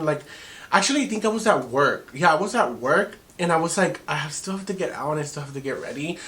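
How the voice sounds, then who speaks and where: Animated young man telling a storytime. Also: fairly high pitch. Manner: animated, profane, mixes Spanish into English. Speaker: vlogger. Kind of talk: storytime vlog.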